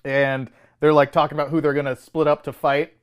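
A man's voice: a little high, fairly quick, clean tone. A man co-hosting a film podcast, mocking movie dialogue with frequent laughter. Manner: mocking, laughs often, quotes lines in a flat dramatic voice. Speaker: podcast co-host. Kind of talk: casual film-review banter.

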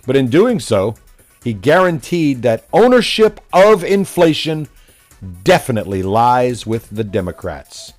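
Guy ranting in a mocking opinion monologue, voice swinging up and down a lot, bit of music underneath. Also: mid-range voice. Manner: mocking, combative, name-calling. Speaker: political commentator.

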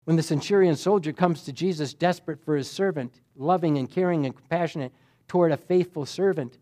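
A middle-aged man preaching a sermon, acting out scripture scenes with sudden swings between loud and soft. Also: fairly high pitch, brisk. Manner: animated, acts out Bible dialogue with sudden loud and soft swings.

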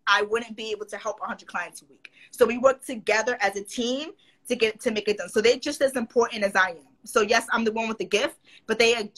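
A woman's voice: mid-range voice, poor audio. A woman guest in a casual interview, telling stories animatedly and acting out what others said. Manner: animated, quotes others in put-on voices.

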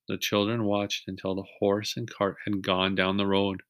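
A man reading a children's chapter book aloud in a steady voice, pausing now and then to ask young listeners questions. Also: lowish voice, no echo, clean studio sound. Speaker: reader.

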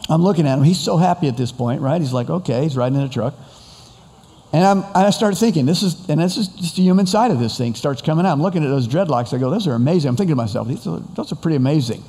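In a medium-pitched voice with a big-room sound, a man rambles through a personal story. He retells it animatedly, performing the dialogue as he quotes it.

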